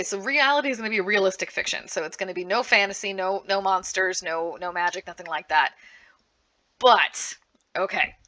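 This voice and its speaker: A woman gives an upbeat panel talk recommending comics and manga. Her voice is bright and forward. She talks in a lively, animated way, often restarting her sentences. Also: mid-range voice. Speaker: librarian giving a book panel. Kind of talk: enthusiastic book recommendation talk.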